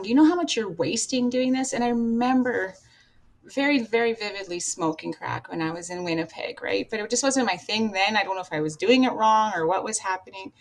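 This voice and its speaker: A woman, a podcast guest, telling her life story candidly, bluntly and with swearing, acting out old conversations. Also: mid-range voice. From Canada. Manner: blunt and profane, acts out past dialogue, laughs at herself.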